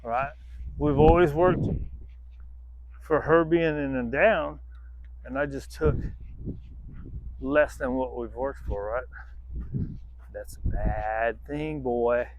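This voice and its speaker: A man's voice: medium pitch, slow pace, pauses often, muffled recording, background noise. A man training a dog outdoors, rambling casually to the camera, swearing freely and breaking off to give the dog commands.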